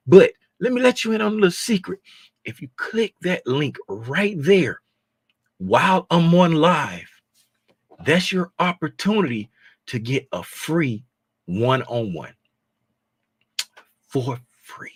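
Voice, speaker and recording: A middle-aged man hosting a casual livestream, greeting viewers by name, sometimes dropping to a hushed, confiding tone. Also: on the high side, big pitch swings, takes it slowly, long pauses, breathy edge, no echo. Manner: drops to a hushed, confiding tone at times. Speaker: livestream host.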